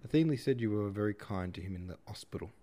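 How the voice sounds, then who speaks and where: A man voicing a plain, practical middle-aged mother who speaks in a brisk, homely way in an audiobook reading. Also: lowish voice, expressive, warm tone, lightly acted. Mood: bustling. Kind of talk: audiobook character voice.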